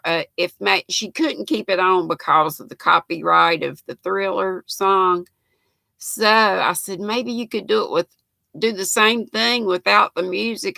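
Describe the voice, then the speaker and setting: Woman in her sixties, slow chatty talk, gravelly and bright voice, dry close sound. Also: fairly low pitch, no room sound. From United States. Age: 60s. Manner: chatty, laughs often, reads comments aloud. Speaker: livestream host reading chat. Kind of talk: casual chat.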